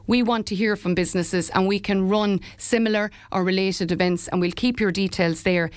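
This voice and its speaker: A woman's voice: medium pitch, steady tone, moderate pace, clear, resonant tone, no echo. A middle-aged woman, head of a local enterprise office, talking earnestly in a radio interview with frequent fillers and restarts. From Ireland.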